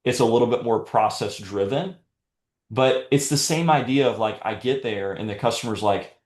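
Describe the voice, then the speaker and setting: Male sales trainer, middle pitch, direct coaching delivery, echoey room. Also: moderate pace. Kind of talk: live sales training talk.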